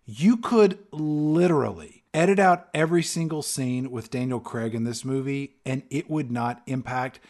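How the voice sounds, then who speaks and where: A man's voice: medium pitch, normal speed, hardly any pauses, a little mellow. A man co-hosting a podcast, wryly complaining about a film's pointless scenes in casual chat. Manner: exasperated, wry commentary. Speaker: podcast co-host. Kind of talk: casual comedic movie review.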